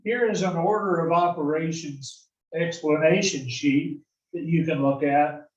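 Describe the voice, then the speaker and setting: Male algebra instructor, slow deliberate delivery, slightly high voice, roomy classroom sound. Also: recorded from a distance, lo-fi sound. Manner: slow, explanatory, asks and answers own questions. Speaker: math instructor. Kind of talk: recorded classroom lecture.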